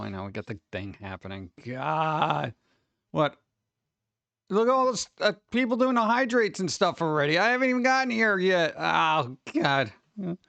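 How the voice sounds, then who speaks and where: Host excitable streamer guy, high voice, dry close sound, rambling chat. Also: creaky, smooth, no room sound. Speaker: livestream host. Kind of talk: casual live-stream chat.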